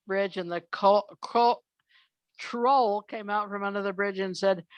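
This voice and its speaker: An older woman telling children's fairy tales from memory, unhurried, often pausing on "uh". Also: medium pitch, steady tone, dry recording. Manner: unhurried, with frequent "uh" pauses. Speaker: storyteller.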